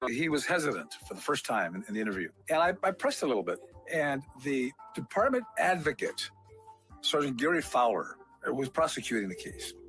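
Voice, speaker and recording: An older man, a civilian on a police disciplinary board, recounting a hearing in an animated interview with many fillers. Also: medium pitch, poor audio. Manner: animated retelling, acts out quotes, frequent fillers. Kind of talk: storytelling interview.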